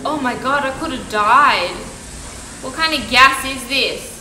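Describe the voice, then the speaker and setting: High-voiced woman playing a horror game, slow easy talk, shrieks at the scares, echoey room. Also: noisy background. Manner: jumpy, shrieks and gasps at scares, chatty asides to viewers. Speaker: gaming channel host. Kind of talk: horror game let's play commentary.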